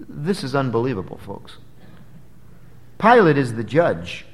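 A man preaching an expository sermon, emphatic, swinging from loud dramatic peaks to low, quiet drops. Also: very animated, moderate pace. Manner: emphatic, dramatic rises and drops in pitch and volume. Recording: long hall reverb.

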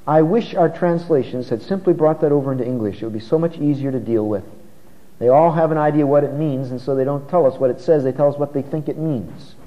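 Slowing down to press on key words, a man with a slightly high voice preaches an expository sermon. The recording, made in a large church hall, comes across muffled.

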